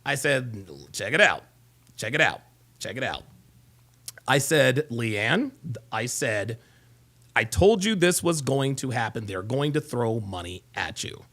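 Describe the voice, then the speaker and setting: A man's voice: medium pitch, lively intonation, slow pace, pauses often, sharp tone. A middle-aged man hosting a show, telling a long story in a casual rambling way, repeating himself and restarting his sentences. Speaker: host.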